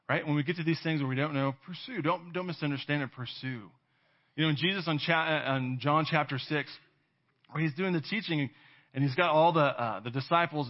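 A man preaching a conversational sermon. He keeps checking in with "right?", laughs now and then and acts out quoted voices. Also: fairly high pitch. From California. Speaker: pastor. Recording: dull lo-fi sermon audio.

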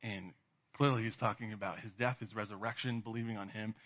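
A man's voice: lowish voice, steady tone, a little fast. A man preaching a conversational sermon. He keeps checking in with "right?", laughs now and then and acts out quoted voices. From California. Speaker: pastor. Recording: dull lo-fi sermon audio.

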